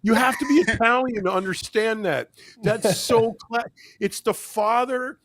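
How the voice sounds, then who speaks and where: A man's voice: very high-pitched, a little slow, fairly bright tone, no room sound. Dry-sounding man on a podcast. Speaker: podcast co-host. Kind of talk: casual chat.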